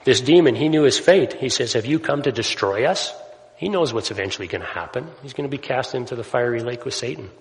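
A man's voice: mid-range voice, lively intonation, fast, few pauses. A man preaching a sermon in a conversational way, often checking in with "right?" asides as he explains scripture. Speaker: pastor. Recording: long hall reverb.

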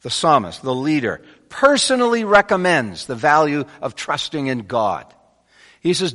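A man preaching a sermon to his congregation, animated, swinging between loud emphatic bursts and quiet asides. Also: a little high, a little slow. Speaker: pastor. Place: church sanctuary. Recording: long church hall reverb.

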